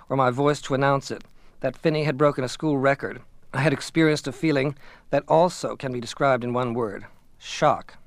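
A man reading a novel aloud as a first-person narrator, in a measured, even manner. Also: mid-range voice, no room sound. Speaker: audiobook narrator.

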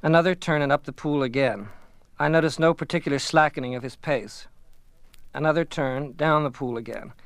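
A man's voice: on the high side, fairly quick, no echo. Man reading a novel, dry and close. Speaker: audiobook narrator. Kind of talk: scripted first-person narration.

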